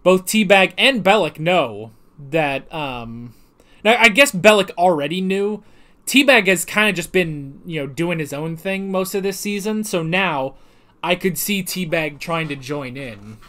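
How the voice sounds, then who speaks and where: A man's voice: high voice, expressive, unhurried, pushed and bright. A man giving a casual, rambling episode commentary with a self-deprecating manner. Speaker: TV show recap vlogger.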